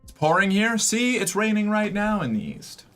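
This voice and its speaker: A man's voice: high voice, very animated, moderate pace, fairly bright tone, soft background music. A young man from the US Northeast streaming and chatting casually with viewers, talkative and rambling with many fillers. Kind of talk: casual chat reading viewer messages.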